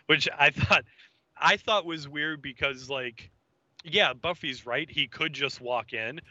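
Man, podcast co-host, casual chat, sharp bright voice, muffled lo-fi sound. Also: mid-range voice, no room sound. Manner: chimes in to correct and add details. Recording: slightly dull lo-fi audio.

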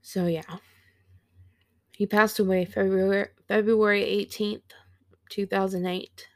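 A woman in her thirties hosting a podcast, telling a personal story in a slow, halting, reflective way and sounding teary. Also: mid-range voice, little pitch movement, no echo, clean studio sound. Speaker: podcast host.

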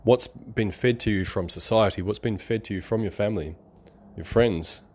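Rambling low-voiced man. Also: a little mellow, husky. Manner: rambling, conversational, sarcastic, quick to laugh. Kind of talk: motivational monologue.

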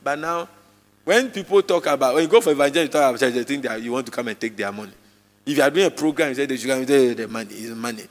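A man preaching a live sermon to a congregation, emphatic and repetitive, his voice jumping suddenly in pitch and loudness. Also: rapid-fire. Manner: repeats phrases for emphasis. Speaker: pastor. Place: church hall with congregation. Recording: long reverb of a large church hall.

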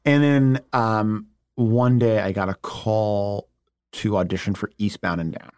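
A man in his thirties, a guest actor and writer, telling animated stories in a casual interview. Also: fairly low pitch, clear, resonant tone, no room sound, studio quality. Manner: animated, quick to act out quotes.

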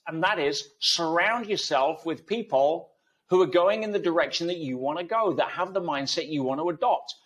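Interview guest, male, fairly high voice, emphatic talker full of analogies. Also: a bit bright. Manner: emphatic, uses analogies and rhetorical questions. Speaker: guest speaker. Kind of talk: conversational interview.

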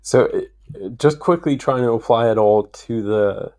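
A man's voice: mid-range voice, unhurried, darkish tone. A man hosting a podcast, working through long, reflective thoughts with enthusiasm. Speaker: podcast host. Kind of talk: podcast interview.

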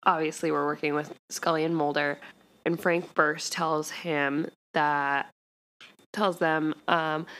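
A woman's voice: lowish voice, a bit bright. A woman co-hosting a podcast, casually recapping a TV episode in a rambling way full of fillers. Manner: rambling, heavy use of "like". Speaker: podcast co-host.

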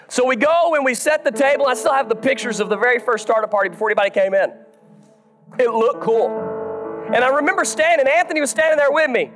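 A man, a pastor telling a self-deprecating story in a sermon, moving from soft asides to shouted high points. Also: animated, fast talker, faint music behind.

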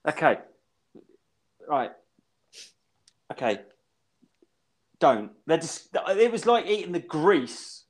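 Animated rambling man telling a story. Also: fairly high pitch, slow pace, long pauses. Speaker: podcast co-host. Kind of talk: casual chat.

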